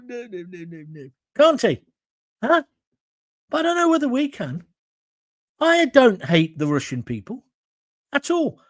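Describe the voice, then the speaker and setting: An English man in his sixties hosting his own talk show, blunt and combative, with wide swings in pitch. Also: no room sound. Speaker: show host. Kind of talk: opinionated solo talk show. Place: home studio with green screen.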